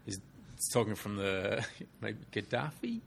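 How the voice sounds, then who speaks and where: A man with a gravelly, raspy voice taking part in a casual podcast quiz, joking with dry quips. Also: on the low side, big pitch swings, a little slow, a little hiss or hum. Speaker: quiz contestant.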